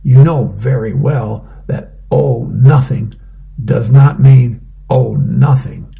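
A man's voice: medium pitch, takes it slowly, gravelly, dark tone. A man reading a comic aloud, voicing an exasperated middle-aged wife in a pointed, emphatic way.

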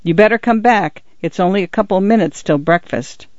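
A calm, philosophical ranch hand, read by a man with an unhurried delivery and a slightly high voice. The recording is dull and lo-fi with no room sound. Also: dry recording, lightly acted.

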